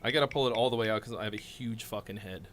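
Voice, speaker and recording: A man's voice: lowish voice, quick pace, a little hiss or hum. A man hosting a casual livestream, joking and bantering with his guest. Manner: lively, laughing banter. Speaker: livestream host.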